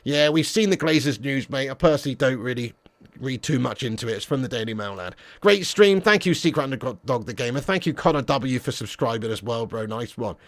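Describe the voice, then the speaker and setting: A man hosting a football fan livestream, reading viewer comments with excitable, teasing banter. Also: mid-range voice, fairly quick. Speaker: football fan channel streamer. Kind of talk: live stream chat, reading viewer comments.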